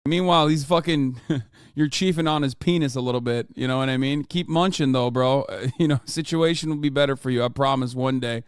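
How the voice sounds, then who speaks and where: A man's voice: medium pitch, a little fast, clear, resonant tone, dry recording, clean studio sound. A man in his thirties from Turkey, a Turkish native speaker working as a political commentator, reacting to chat in a casual, profane, sarcastic livestream. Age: 30s.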